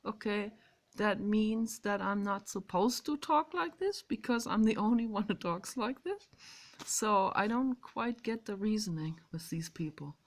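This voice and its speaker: A woman vlogger talking through a casual monologue outdoors, stressing words loudly and then dropping to a soft whisper. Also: mid-range voice. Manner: emphatic and drawn-out, swinging between loud stresses and soft whispers. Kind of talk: casual spoken monologue on meditation.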